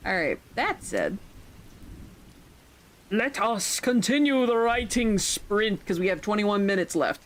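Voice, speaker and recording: Lively, rambling woman streamer. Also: medium pitch, slow pace, long pauses, a little hiss or hum, low-quality recording. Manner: rambling, chatty, occasional swearing. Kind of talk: casual live-stream chat.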